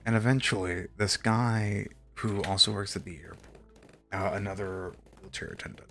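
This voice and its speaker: A man's voice: fairly low pitch, steady tone, moderate pace, pushed and bright, faint music behind. A young man from Texas streaming a game, telling a rambling story with lots of fillers and casual swearing. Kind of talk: casual chat while gaming.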